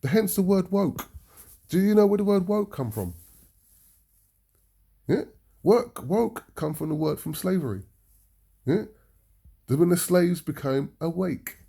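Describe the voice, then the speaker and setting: A British man speaks as a preacher, his voice gravelly and dark in tone. He drives his points home emphatically and often tags them with a questioning "yeah?". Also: mid-range voice. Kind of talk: impassioned talk to an audience.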